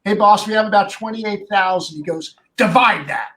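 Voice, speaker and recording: A man guest telling a lively anecdote in casual chat. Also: high voice, brisk, distant mic, rough recording. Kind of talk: casual storytelling.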